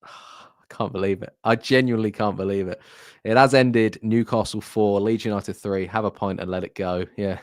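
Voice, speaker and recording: Hoarse deflated man reacting live. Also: lowish voice, fairly even intonation, darkish tone, no room sound, studio quality. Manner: deflated, halting, repeats himself. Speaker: football fan streamer.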